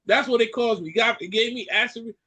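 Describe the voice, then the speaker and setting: A Caribbean man hosting a podcast, ranting in an animated way and repeating lines for effect. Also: very high-pitched, fast talker, slightly rough. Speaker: podcast host. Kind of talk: casual chat.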